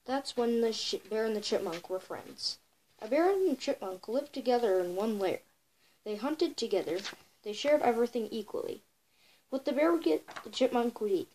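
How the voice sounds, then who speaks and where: A woman's voice: a little high, a little mellow, slight background noise, low-quality recording. A girl telling a folk tale for a home video, reading with many stumbles and self-corrections. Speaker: storyteller.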